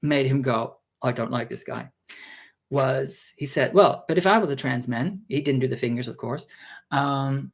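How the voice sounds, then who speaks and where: A man vlogging a casual story, exasperated and sarcastic, acting out the people he quotes with sudden jumps in pitch. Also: moderate pace. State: tired.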